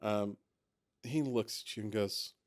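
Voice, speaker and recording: A man narrating as game master in a casual, relaxed way. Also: on the low side, a little slow.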